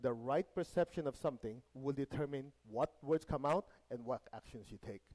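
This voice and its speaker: A meditation teacher leads a live group through a spiritual lesson, frequently checking in with listeners, having them repeat phrases after him, and dropping in light jokes. His mid-range voice is a little fast with a darkish tone, captured on a rough recording.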